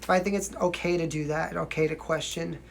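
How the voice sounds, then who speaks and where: A man's voice: fairly high pitch, fairly even intonation, quick pace, vocal fry, a little hiss or hum. A young man from New York with a mild New York accent, chatting casually on a livestream as a singer answering viewer questions, often asking "you know what I mean" and laughing.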